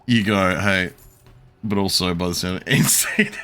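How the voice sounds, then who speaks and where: A man's voice: low voice, normal speed, bright, forceful tone, slight background noise. A young man streaming a game, telling a long, profane story in a rambling, chuckling way. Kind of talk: casual chat while gaming.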